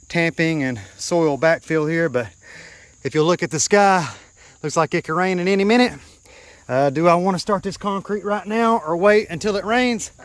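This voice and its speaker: A man's voice: fairly high pitch, dry recording. A man walking viewers step by step through a backyard build in casual, hands-on talk. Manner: explains step by step, points things out. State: out of breath at times. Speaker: DIY vlogger. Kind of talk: casual DIY build walkthrough. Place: outdoors in a backyard.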